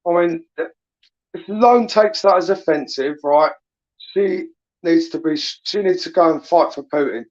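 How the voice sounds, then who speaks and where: A man's voice: a little high, a little slow, dry recording. Crude laddish man, lo-fi stream. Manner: crude, laddish banter with viewers. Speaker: livestream host reading chat. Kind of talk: late-night live chat.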